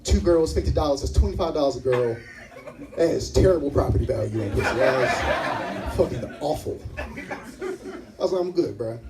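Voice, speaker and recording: A man's voice: medium pitch, normal speed, long pauses, distant mic, very noisy. A young man performing a stand-up comedy set, telling stories and acting out the other people in them. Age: young adult. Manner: animated storytelling with acted-out voices. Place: live comedy venue.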